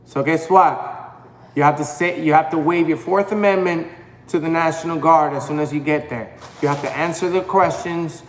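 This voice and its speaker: A man's voice: fairly high pitch, steady tone, moderate pace, a little hiss or hum. Man explaining in an echoey room. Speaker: live stream host. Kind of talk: casual live stream commentary. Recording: echoey room with long reverb.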